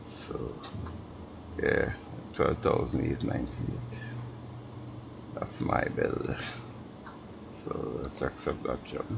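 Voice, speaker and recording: Tired male streamer, very deep gravelly voice, slow mumbly game commentary, dull lo-fi audio with clear background noise. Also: steady tone. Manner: slow, mumbling, talks to himself. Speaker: gaming streamer. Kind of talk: casual gameplay commentary.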